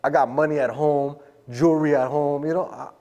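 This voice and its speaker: A man's voice: on the high side, fairly even intonation, a little fast, darkish tone. Laid-back man telling a story, echoey room. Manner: laid-back street slang, acts out the quoted voices. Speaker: podcast guest. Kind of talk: casual storytelling in an interview.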